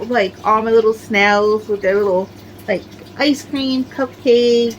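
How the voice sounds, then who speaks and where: Brief: middle-aged woman, fairly high voice, rambling show-and-tell crafter, filler-heavy. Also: measured pace, slight background noise, poor audio. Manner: chatty, rambling, many "like" fillers. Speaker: crochet crafter showing her amigurumi. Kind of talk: casual show-and-tell chat.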